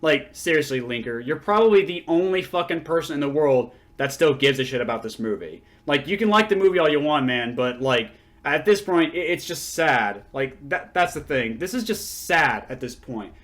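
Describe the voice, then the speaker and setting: A man's voice: on the high side, lively intonation, normal speed, hardly any pauses, fairly bright tone. A man hosting his own channel, delivering an angry, sarcastic, profanity-laced response to a critic. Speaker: channel host. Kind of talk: angry response-video commentary.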